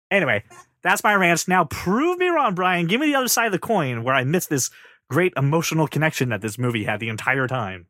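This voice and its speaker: Animated man ranting about a movie. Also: on the high side, fast, no echo, clean studio sound. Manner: animated ranting, acts out scenes in voices. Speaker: podcast co-host. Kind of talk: casual movie review chat.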